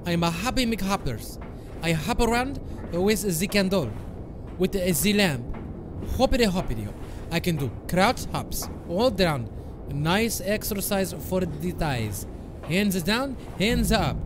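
A goofy, chipper little hopper, put on by a streamer, chants his moves in a playful sing-song. The voice is high and slow, with a lively lilt. Game music plays behind. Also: noisy background. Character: silly, bouncy hopping man, chipper and goofy.

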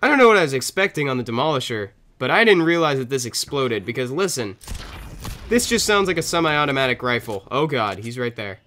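A man's voice: mid-range voice, very animated, a little fast, pushed and bright, slight background noise. A young man with a stuffy nose from a cold, giving casual gameplay commentary and chatting at the game and other players.

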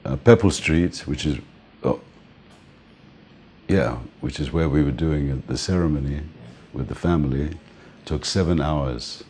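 An older man interviewed as a music manager, telling relaxed stories and often laughing and saying "man". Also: extremely low pitch, measured pace, slight background noise. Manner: relaxed, reminiscing, often says "man", laughs between points. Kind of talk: casual storytelling interview.

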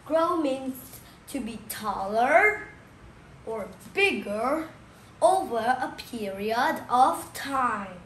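A woman speaks very slowly as she teaches young children, saying each new word again and again and checking in with questions. Her voice sits a little high. The room is echoey, with a faint hum of ambience behind her. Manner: repeats key words slowly, asks the listener questions. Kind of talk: slow classroom explanation for young children.

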